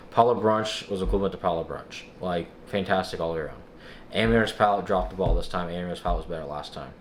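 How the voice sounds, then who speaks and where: A young man casually vlogging, recounting a frustrating experience in an exasperated, animated way and acting out other people's lines. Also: low voice, a little hiss or hum. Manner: exasperated, animated storytelling with quoted dialogue. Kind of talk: casual vlog recap.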